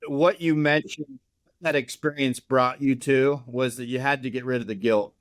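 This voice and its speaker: A man's voice: mid-range voice, steady tone, normal speed, no echo, clean studio sound. A man co-hosting a podcast, asking reflective, probing questions and sharing his own experience. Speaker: podcast co-host. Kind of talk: conversational interview questions.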